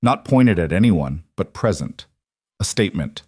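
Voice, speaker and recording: A man narrating a western story in a brisk, dramatic style. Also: low voice, expressive, a little mellow, breathy edge, no room sound, studio quality.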